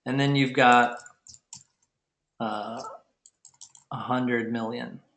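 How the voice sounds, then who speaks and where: Man, webinar host, mid-pitched, loose rambling delivery full of fillers, echoey room on a computer mic. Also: fairly even intonation, drawn-out words, fairly bright tone, a little hiss or hum. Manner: rambling, frequent fillers and restarts. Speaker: webinar host teaching domain investing. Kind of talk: casual live webinar teaching.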